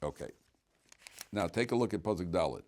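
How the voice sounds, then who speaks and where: A man's voice: sits low, expressive, brisk, darkish tone. A man teaching a Torah class in a casual, joking way, asking the room questions and often restarting his sentences. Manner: chatty, joking, many restarts and rhetorical questions. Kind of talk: informal Torah lecture.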